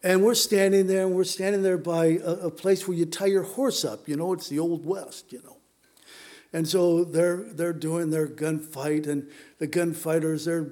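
Preaching in a conversational, storytelling manner full of fillers, a middle-aged Southern California pastor shares personal stories in his sermon. His voice is on the high side and dark in tone.

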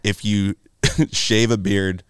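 A man's voice: lowish voice, steady tone, slow, clear, resonant tone, no echo. A man hosting a podcast in casual, laid-back chat, laughing easily. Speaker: host.

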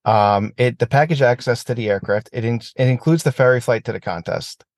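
A man's voice: mid-range voice, brisk, no room sound. A man talking casually about aerobatic flying, swearing freely and ranting when heated. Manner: profane, animated rants. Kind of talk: casual chat.

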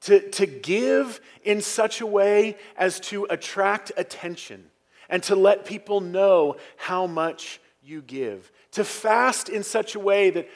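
A man's voice: sits high, expressive, slow pace. Emphatic male pastor preaching a sermon. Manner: earnest, emphatic, with stressed phrases and dropping to near whispers. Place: church sanctuary.

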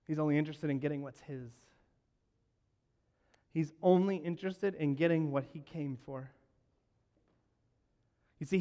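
A man preaching a sermon, telling a story and acting out its lines, moving between hushed and loud. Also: a little high. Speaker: pastor. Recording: long hall reverb.

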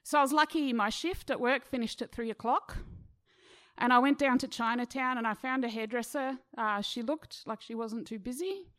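A middle-aged woman tells a personal anecdote with a slightly higher voice. She is chatty and pokes fun at herself. She brings quoted people to life with quick voices. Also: fairly bright tone. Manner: chatty, self-mocking, acts out quoted voices. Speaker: storyteller. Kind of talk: personal story told to an audience.

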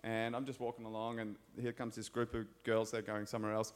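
A man's voice: on the low side, flat delivery, brisk, clear, resonant tone. Australian male preacher, casual and upbeat, tells school stories from the pulpit. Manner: enthusiastic, chatty storyteller. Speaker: pastor and school scripture teacher. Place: church.

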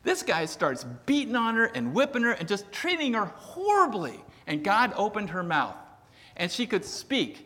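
A man delivers a sermon in a chatty, storytelling manner and jokes at his own expense. His voice sits high and bright. It rings out with a long reverb in a church sanctuary. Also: wildly swooping pitch, moderate pace. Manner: conversational, storytelling, self-deprecating humor. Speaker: preacher.

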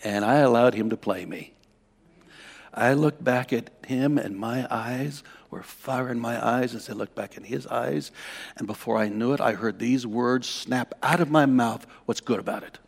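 Gravelly preacher in a reverberant church. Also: male voice, mid-range voice, measured pace. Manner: emotional storytelling, swinging from hushed to loud. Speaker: pastor. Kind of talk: sermon.

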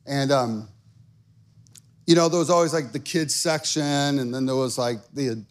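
A man's voice: medium pitch, a little slow. A man in his thirties preaching a sermon, telling stories with lots of fillers and building to emphatic calls. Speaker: pastor.

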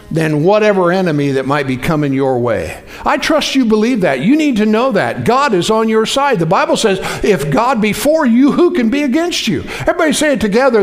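A male pastor preaching with a strikingly high voice. He talks to his congregation casually, with lots of "you know" and "uh". Now and then he rises into loud, fervent shouts. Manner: folksy preaching, many fillers, rising to shouts. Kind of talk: sermon.

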